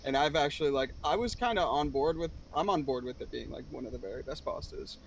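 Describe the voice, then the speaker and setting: A man's voice: on the high side, lively intonation, fast talker, creaky. Rambling laid-back man, faint noise behind. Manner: rambling, says "dude" and "like", teasing. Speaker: co-host guest. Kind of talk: casual chat.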